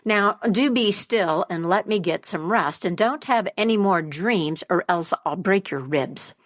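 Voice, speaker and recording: A woman voicing a grumpy, sleepy male dragon who drags out his threats. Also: lowish voice. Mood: irritated, surly. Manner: surly, drawn-out threats.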